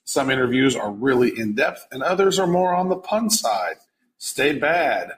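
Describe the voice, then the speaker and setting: A male podcast co-host with a middle-pitched voice, full of self-mocking jokes and light teasing. A faint layer of noise runs under the recording. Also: very animated, moderate pace. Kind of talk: casual podcast banter.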